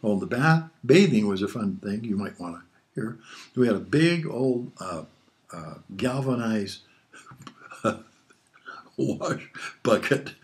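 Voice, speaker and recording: An older man from Hawaii, a father being interviewed, tells rambling family stories from his childhood, chuckling often. His voice is on the low side and expressive, with a moderate pace and darkish tone, in casual storytelling.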